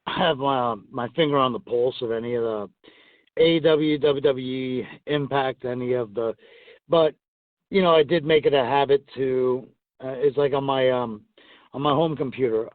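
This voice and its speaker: A man in his fifties tells long, rambling stories about his wrestling days, chuckling as he goes. His voice sits in an ordinary middle pitch. It comes through a narrow, tinny phone line, bone dry with no room around it. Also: no echo. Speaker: guest, retired pro wrestler. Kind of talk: casual phone interview storytelling.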